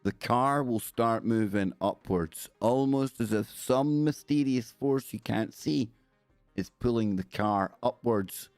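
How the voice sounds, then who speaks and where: A man's voice: mid-range voice, takes it slowly, a little mellow, smooth, no echo, soft background music. A man with a Scottish accent hosting a live stream, chatting casually in a rambling, jokey way and talking to his viewers. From Scotland.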